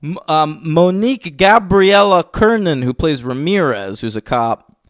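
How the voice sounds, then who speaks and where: A man co-hosting a film podcast in casual chat, excitable and swearing, teasing his co-host. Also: on the high side, unhurried, no echo, studio quality.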